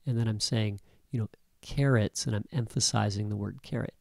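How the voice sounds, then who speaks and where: Male tutor, gravelly mid-pitched voice, relaxed explainer, dry close-mic sound. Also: quick pace, dry recording. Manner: casual, keeps checking in with "right?" and "okay?". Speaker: instructor. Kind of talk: screen-recorded coding tutorial.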